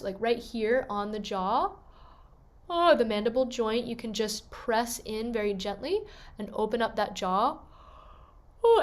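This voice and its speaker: A woman voice teacher leading a gentle, encouraging vocal warm-up lesson and demonstrating the sounds herself. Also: fairly high pitch.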